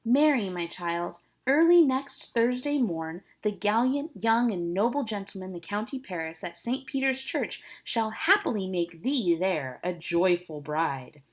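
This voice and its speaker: A woman reading the part of a stern, cold noble mother, speaking in a measured, formal way. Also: mid-range voice, expressive. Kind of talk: dramatic reading of a play.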